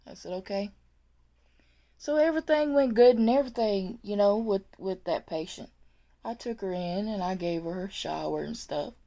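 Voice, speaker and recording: A woman's voice: medium pitch, normal speed, warm tone. A woman who used to work as a nursing aide, telling a story in a chatty, casual way, laughing often and repeating words as she goes.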